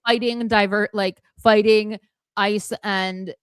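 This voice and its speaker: A woman's voice: mid-range voice, fairly even intonation, slow pace, clean tone, no room sound. Woman, casual livestream co-host, rambling with fillers, frank and emphatic, dry close sound. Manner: rambling, many fillers and restarts. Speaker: podcast co-host.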